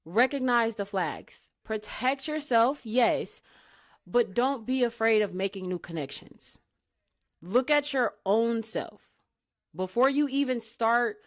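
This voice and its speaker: A woman's voice: a little high, expressive, unhurried. A woman co-hosting a casual podcast chat, giving emphatic, preachy advice and often asking the listener for agreement. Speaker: podcast co-host.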